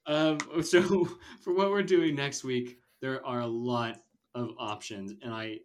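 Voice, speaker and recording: A man's voice: medium pitch, slow, heavy background noise. A man hosting a casual movie podcast, rambling and opinionated, with lots of fillers. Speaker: podcast host.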